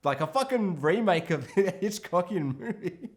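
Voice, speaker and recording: A man's voice: high voice, big pitch swings, normal speed. A man co-hosting a film podcast, talking casually and animatedly, swearing and acting out characters. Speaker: podcast co-host.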